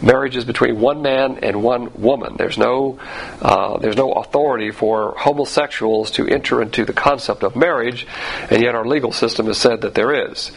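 A man's voice: medium pitch, normal speed, creaky, slightly rough, low-quality recording. A man preaching a sermon, emphatic, with rhetorical questions and frequent fillers. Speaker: pastor.

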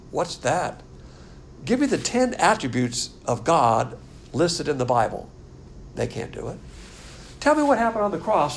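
Older male Bible teacher, gravelly voice, slightly higher than most men, blunt and contemptuous, with a faint hiss behind him. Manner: blunt, scornful, animated lecturing. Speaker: pastor teacher.

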